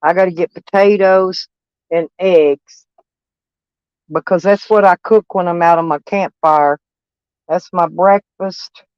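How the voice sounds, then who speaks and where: A woman's voice: on the low side, fairly even intonation, takes it slowly, clean tone, no echo. A woman chatting casually on a live stream in a blunt, drawling way, often repeating herself. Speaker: van life vlogger. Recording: dull lo-fi sound.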